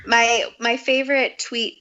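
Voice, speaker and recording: A young adult woman chatting as a podcast guest, upbeat and talkative with quick asides. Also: a little high, level tone, sharp tone, lo-fi sound, a little hiss or hum. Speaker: podcast guest, comedic video creator. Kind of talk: casual podcast chat.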